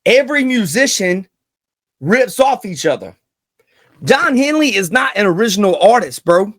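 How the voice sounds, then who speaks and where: A man's voice: high voice, sing-song, normal speed, no room sound, studio quality. A man hosting a casual commentary vlog, hyped and slangy, repeating lines for emphasis. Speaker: channel host.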